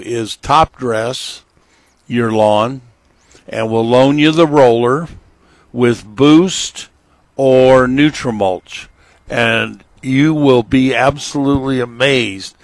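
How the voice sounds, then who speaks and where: A middle-aged man hosts a radio gardening show, walking listeners through seasonal chores in a slow, folksy, instructive way. His voice sits at an ordinary pitch, and the studio sound is close and dry with no room around it. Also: no room sound. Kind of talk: radio gardening advice chat.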